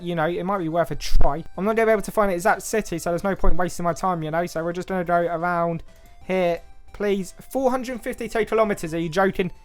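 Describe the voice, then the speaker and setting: A young man with an English accent giving casual, self-mocking game commentary, thinking aloud and second-guessing himself as he plays. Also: high-pitched. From England. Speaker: gaming YouTuber.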